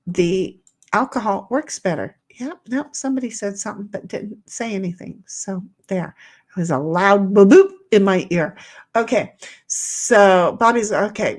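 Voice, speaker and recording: Animated woman streamer reading chat aloud. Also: mid-range voice. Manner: reads chat messages aloud in playful voices, rambling with restarts. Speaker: livestream host reading chat. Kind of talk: casual chat.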